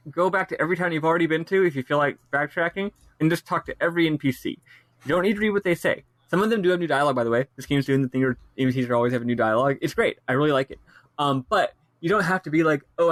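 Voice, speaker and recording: A man co-hosting a casual game podcast, lively and swearing freely as he talks through his notes. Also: a little high, dry recording. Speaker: podcast co-host. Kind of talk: casual chat.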